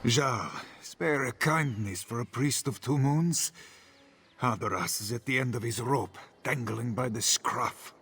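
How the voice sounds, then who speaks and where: A man's voice: medium pitch, a little slow, sharp tone, husky, heavily acted. An actor playing a troubled, weary male cat-folk priest who speaks formally and calls himself "this one", in a fantasy game. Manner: formal, refers to himself in the third person.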